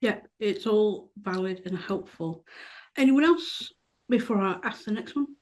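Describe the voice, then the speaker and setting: A woman hosting a relaxed podcast panel talks in a chatty way. She backs up her guests and laughs easily. Her voice sits at a middle pitch. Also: unhurried. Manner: warm agreeing, laughs often. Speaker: podcast host. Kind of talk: casual panel discussion.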